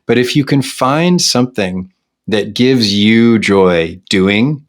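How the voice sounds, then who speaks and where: A man's voice: fairly low pitch, takes it slowly. A middle-aged man from Canada, a singer-songwriter talking candidly as an interview guest, reflective and self-deprecating with many restarts.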